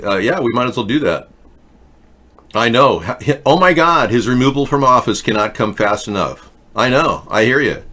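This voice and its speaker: A man's voice: mid-range voice, a bit bright. A man hosting a political talk show, reading news headlines aloud and mocking them with sarcastic asides. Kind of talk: casual political commentary.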